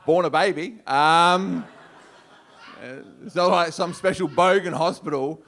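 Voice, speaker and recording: A man's voice: on the high side, a little slow, a bit bright. A man with an Australian accent doing a brash, swearing stand-up routine on a comedy club stage. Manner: brash, swearing, punchy delivery.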